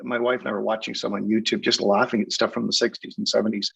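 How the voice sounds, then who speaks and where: Older man from england, gravelly, husky, wry storyteller, dull lo-fi sound. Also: on the low side, little pitch movement, fast, fairly bright tone. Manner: storytelling, laughs often, wry humor. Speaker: guest hypnotist. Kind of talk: casual interview chat.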